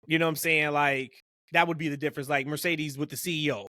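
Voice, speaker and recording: Bright-toned man in casual wrestling chat. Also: fairly high pitch, steady tone, fast talker, no echo, clean studio sound. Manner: conversational, rambling with frequent "like" and "you know". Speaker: podcast co-host.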